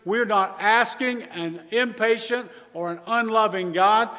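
A man preaching a sermon as pastor, earnest and measured, stressing key words by repeating them. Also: high-pitched, bright, forceful tone. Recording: long hall reverb.

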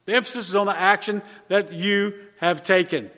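A man preaching a sermon as pastor, earnest and measured, stressing key words by repeating them. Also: high voice, steady tone, sharp tone. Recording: long hall reverb.

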